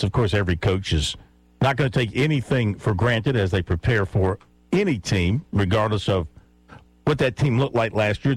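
A sports talk radio host with a lowish voice makes playful predictions, teases his caller, and laughs at his own picks. The rough recording has no echo.

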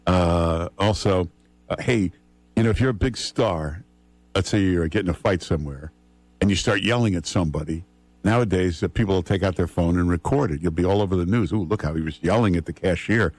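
A radio host, his voice sitting on the low side. He talks in a relaxed, conversational way and fills pauses with "uh" a lot. The sound is close and dry, straight from a studio mic. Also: no echo. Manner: relaxed, conversational, frequent "uh" fillers. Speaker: radio talk host filling in. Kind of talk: casual talk radio banter and live ad read. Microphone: studio broadcast mic.

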